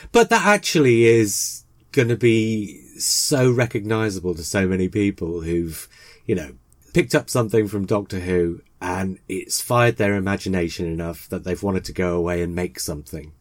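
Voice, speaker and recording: A man hosting a podcast, reading a scripted introduction and then chatting with a co-host in a measured, reflective way. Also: sits low, no echo. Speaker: podcast host and series editor.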